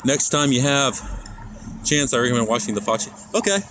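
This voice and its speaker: A man's voice: medium pitch, animated, brisk. A man from Kansas live-streaming on a phone as he walks outdoors, rambling and swearing as he talks straight to his chat. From Kansas, USA. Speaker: IRL streamer. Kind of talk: casual live-stream chat while walking. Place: outdoors on city streets. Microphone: handheld phone. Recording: phone stream with loud street noise. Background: traffic and street noise.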